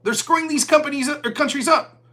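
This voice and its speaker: A man's voice: extremely high pitch, fairly quick, sharp tone. A man hosting a political commentary live stream, reading viewer donations and mocking opponents sarcastically. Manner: sarcastic, mocking, mimics opponents in put-on voices. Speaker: political commentary show host.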